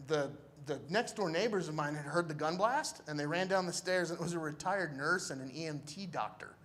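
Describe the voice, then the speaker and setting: High-voiced man telling a story live. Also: fairly quick, fairly bright tone. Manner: casual, slangy, laid-back. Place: church event stage.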